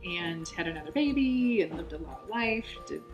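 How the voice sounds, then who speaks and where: A woman's voice: fairly low pitch, animated, moderate pace, muffled recording. A middle-aged woman, a holistic health coach, telling her story in an interview, earnest and chatty with many fillers. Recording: roomy echo, music underneath.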